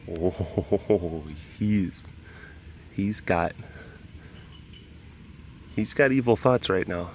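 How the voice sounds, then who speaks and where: A man vlogging outdoors by animal enclosures, telling stories with a laugh and then talking softly to calm a big cat. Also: sits low, very slow, long pauses, slight background noise. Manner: rambling, laughing storyteller who shifts to hushed coaxing talk with a big cat. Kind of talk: casual vlog chat.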